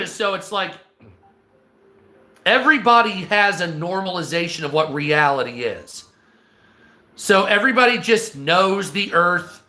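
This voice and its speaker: Man, streamer, casual rant, profane, stammering, throat-clearing, sharp bright tone, roomy echo. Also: high-pitched, sing-song, a little slow, long pauses, soft background music. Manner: profane, exasperated, restarts and stammers.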